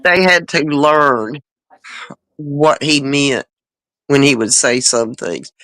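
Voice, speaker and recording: Host woman, unhurried drawl, bright forward tone, rambling anecdotes with chuckles. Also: low-pitched, no room sound, rough recording. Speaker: panel chat host. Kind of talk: casual chat.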